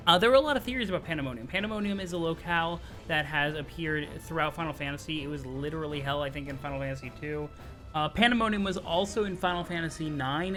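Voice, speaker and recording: A man giving casual, excitable commentary on game news, chatty and full of slang and quick restarts. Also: a little high. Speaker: gaming video creator.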